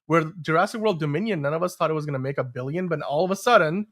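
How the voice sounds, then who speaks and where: A man hosts a live-streamed show in easy, rambling chat. He restarts his sentences often and piles on fillers. His voice sits somewhat high for a man. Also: quick pace, a bit bright. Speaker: podcast host.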